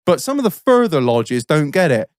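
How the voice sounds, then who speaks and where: An Englishman in his thirties rattles off a holiday anecdote on a casual podcast, swearing in nearly every sentence. His pitch bounces around a lot as he talks, and his voice is close and dry with no room echo. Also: sing-song, normal speed. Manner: swears constantly, rambling anecdotes with frequent laughs. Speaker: podcast host.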